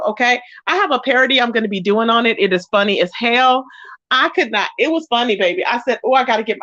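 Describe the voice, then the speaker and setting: A woman doing casual gossip commentary in a sassy, animated way, greeting her chat viewers. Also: sits high, dry recording, highs cut off. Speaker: commentary vlogger.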